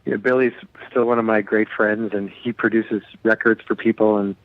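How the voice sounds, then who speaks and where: A man's voice: fairly low pitch, steady tone, normal speed, dry recording. Chatty man on a tinny phone line. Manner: chatty, joking. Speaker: guest musician. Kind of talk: casual radio interview.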